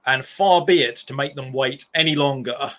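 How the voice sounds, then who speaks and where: Bright-voiced podcast host. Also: male voice, mid-range voice, normal speed. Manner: jokey, mock-formal. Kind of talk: casual podcast chat.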